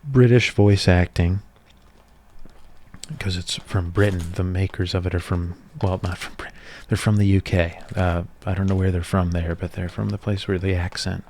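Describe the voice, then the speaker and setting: Deep-voiced man in soft ASMR chat. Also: fairly even intonation, moderate pace, a little hiss or hum. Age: 30s. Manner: rambling, nostalgic, casual. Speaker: ASMR creator.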